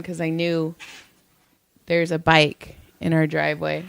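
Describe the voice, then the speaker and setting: A woman's voice: on the low side, steady tone, unhurried, vocal fry, fairly bright tone, smooth, no echo. A woman co-hosting a casual chat, telling stories bluntly and with plenty of swearing. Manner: blunt, profane storytelling. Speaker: podcast co-host.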